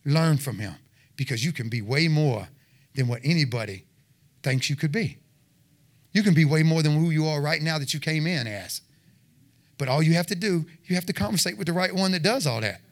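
A man giving a fervent testimony sermon, exhorting listeners and breaking into shouted roars. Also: a little high, expressive, fairly quick. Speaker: lay preacher.

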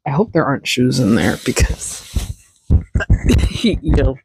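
A woman's voice: very deep voice, expressive, slow, gravelly, darkish tone, a little hiss or hum. A woman hosting a casual solo podcast, rambling chattily and stopping to talk to her cat. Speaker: podcast host.

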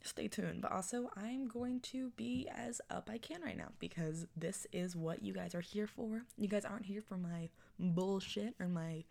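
A woman's voice: mid-range voice, moderate pace, creaky, few pauses, dark tone. A woman in her early twenties hosting her own podcast in casual chat, rambling and self-mocking, laughing often. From Texas. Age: 20s. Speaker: podcast host.

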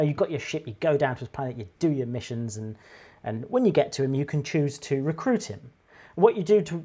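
Rambling, excitable man pitching ideas. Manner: rambling, enthusiastic, full of fillers and restarts. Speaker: podcast co-host. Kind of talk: casual chat pitching a game idea.

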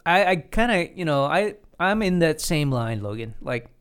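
A man's voice: on the high side, big pitch swings, moderate pace, a bit bright, clear, resonant tone. A man hosting a casual studio conversation, explaining his opinions at length with frequent restarts. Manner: opinionated, talks in long explanatory runs with restarts. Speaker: podcast host.

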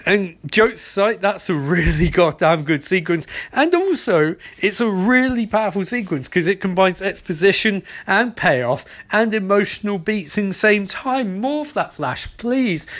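A man giving a casual spoken episode recap, excitable and swearing, tossing in quick mock quotes. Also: high voice.

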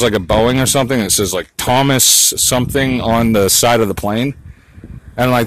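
A man's voice: mid-range voice, slight background noise, low-quality recording. A man talking to his phone while walking outdoors, rambling and crude, muttering asides to himself. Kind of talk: rambling monologue vlog.

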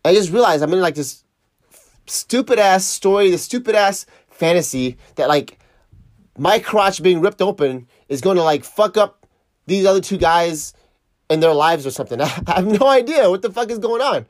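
A man's voice: high voice, expressive, normal speed, no echo, clean studio sound. A man telling a story casually, swearing and laughing as he reflects on a mishap while surfing. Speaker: surf vlogger.

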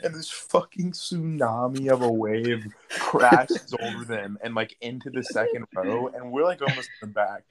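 Young man, average pitch, casual chat, animated storytelling, frequent laughter. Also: moderate pace, few pauses, over a noisy crowd. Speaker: podcast host.

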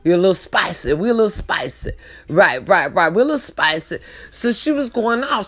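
A woman telling a story to her viewers in casual chat, animated and swearing, with big jumps in pitch and repeated phrases. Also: a little fast. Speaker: vlogger.

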